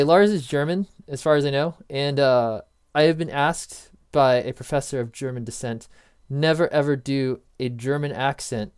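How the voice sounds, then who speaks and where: A man's voice: medium pitch, a little mellow, clear, resonant tone. A man hosting a casual coding tutorial, rambling through notes with jokey asides and frequent self-interruptions. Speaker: programming tutorial host. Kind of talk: casual screen-recorded coding lesson.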